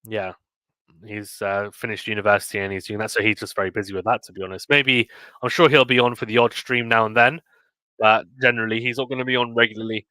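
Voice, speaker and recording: British man with a bright voice calling tennis. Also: lowish voice, quick pace, clean tone, no room sound. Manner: chatty, reads viewer comments aloud between points; calls points with rising excitement. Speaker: host of a live tennis play-by-play stream. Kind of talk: live play-by-play commentary mixed with casual chat.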